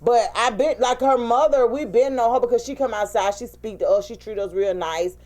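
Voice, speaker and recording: Animated woman telling funny stories. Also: fairly high pitch, fairly quick. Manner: animated storytelling, acts out quotes. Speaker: co-host. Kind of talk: casual chat.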